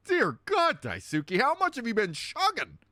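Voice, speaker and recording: Animated, bright-voiced young man gaming. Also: very high-pitched, dry recording, studio quality. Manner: animated, joking, laughs often. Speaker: let's play streamer. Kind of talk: casual game commentary.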